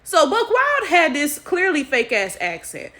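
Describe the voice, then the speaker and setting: Animated American woman vlogger, bright and slightly high voice, chatty straight-to-camera commentary. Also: unhurried. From United States. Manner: animated, talks straight to viewers.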